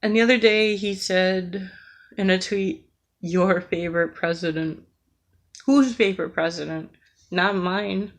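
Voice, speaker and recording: A woman's voice: mid-range voice, little pitch movement, unhurried. A woman from the United States delivering an earnest, emotional rant, with frequent hesitations and fillers as she talks. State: emotional, near tears. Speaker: vlogger.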